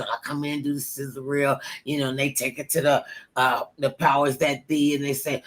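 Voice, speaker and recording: Animated older woman with a low voice. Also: normal speed. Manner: animated, acts out quotes with sudden loud bursts and hushed whispers. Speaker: former talk show host telling stories. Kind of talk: casual storytelling interview.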